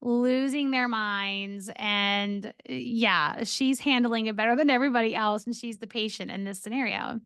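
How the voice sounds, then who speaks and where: A woman's voice: a little high, steady tone, normal speed, hardly any pauses, fairly bright tone, smooth, no room sound, clean studio sound. A woman co-hosting a podcast, chatting casually and recapping a TV episode with lots of filler words. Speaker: podcast co-host.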